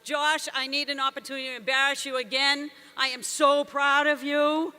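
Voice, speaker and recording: A woman gives a commencement speech in a very high, piercingly bright voice. She jokes and punches her lines to rouse the crowd, and long reverb from the big venue trails behind every phrase. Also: level tone, moderate pace. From Boston area, USA. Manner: jokey, emphatic, rousing the crowd. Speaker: commencement speaker.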